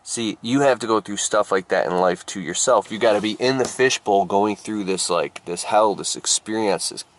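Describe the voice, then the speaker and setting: A man giving an improvised motivational story in an animated, emphatic way. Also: moderate pace, few pauses, slight background noise. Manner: animated, emphatic, jumps up in pitch for effect. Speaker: motivational speaker.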